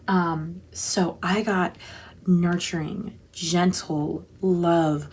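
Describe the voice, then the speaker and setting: A woman's voice: on the low side, level tone, slow pace, a little hiss or hum. A woman hosting a casual tarot chat, gushing and rambling, often breaking off mid-thought. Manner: gushing, chatty, rambling with self-interruptions. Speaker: tarot channel host.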